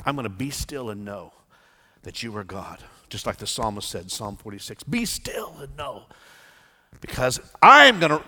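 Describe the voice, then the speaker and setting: A man preaching a sermon as pastor, swinging from hushed pleading to loud declaration. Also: medium pitch, sing-song, normal speed, breathy edge. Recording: long church reverb.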